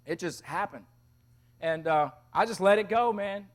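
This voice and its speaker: A man with a strikingly high voice preaches in a chapel. He tells his story with lively swings from hushed tones to loud bursts, in a storytelling sermon style. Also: moderate pace. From Tennessee. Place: chapel service.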